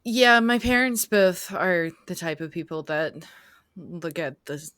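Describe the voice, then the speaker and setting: Young woman guest, lowish pitch, laid-back and soft, dry close sound. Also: animated, unhurried, no echo. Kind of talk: casual podcast chat.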